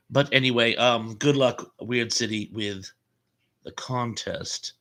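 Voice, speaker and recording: A man's voice: mid-range voice, takes it slowly, bright, forceful tone. An American man hosting a casual live stream, rambling through stories and reading out viewer comments with fillers and chuckles. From United States.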